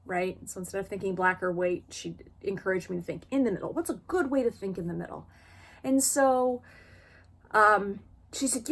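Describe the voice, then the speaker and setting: A woman's voice: mid-range voice, moderate pace. Candid woman talking to camera. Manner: candid, frank and expressive. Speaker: vlogger sharing lived experience. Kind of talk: casual personal talk to camera.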